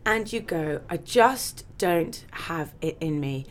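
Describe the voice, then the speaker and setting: Lively, laughing woman. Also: low-pitched, slow. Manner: animated, laughs often, jumps between quoted voices. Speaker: guest, television presenter. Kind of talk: casual podcast chat.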